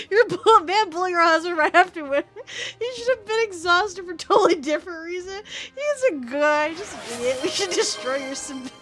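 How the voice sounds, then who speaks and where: High, bright-voiced giggly woman streamer. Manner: giggly, chatty, animated reactions. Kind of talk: live game stream commentary and reading aloud.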